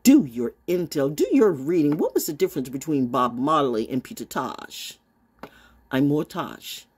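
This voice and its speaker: Brash, husky woman ranting off the cuff. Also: sing-song, normal speed. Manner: brash, profane, swinging from low mutters to loud squeals. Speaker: voice actor and broadcaster. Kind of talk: off-the-cuff rant and freestyle.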